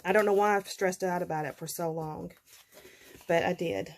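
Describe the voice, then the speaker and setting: A woman's voice: fairly low pitch, fairly even intonation, moderate pace. A middle-aged woman, chatting casually to her viewers in a folksy way, laughing often. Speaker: vlogger.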